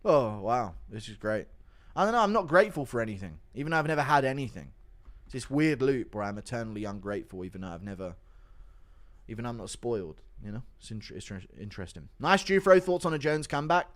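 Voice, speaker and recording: A man chats casually on a livestream and reads out viewer donations. He mumbles low and flat in a downbeat way, then his pitch leaps up into loud, swearing rants. His voice swings widely between those two modes. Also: fast talker. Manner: swears freely. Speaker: streamer.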